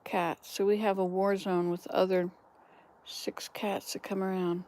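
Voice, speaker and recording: An older woman chatting casually as a vlog host, soft-spoken and easygoing. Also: level tone, unhurried. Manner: chatty, soft-spoken, calls to cats in a high sing-song. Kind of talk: casual live chat.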